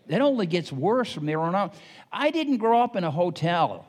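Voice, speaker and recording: Folksy older preacher in a reverberant hall. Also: male voice, high-pitched, sing-song, moderate pace, darkish tone. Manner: folksy and anecdotal, rising to emphatic exhortation. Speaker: pastor. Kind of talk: sermon. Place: church sanctuary.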